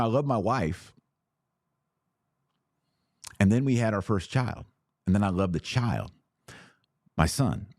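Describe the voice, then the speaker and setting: Deep-voiced guy in his 40s doing a podcast, earnest and emphatic, dry close sound. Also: a little mellow, dry recording. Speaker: podcast host. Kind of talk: casual commentary podcast.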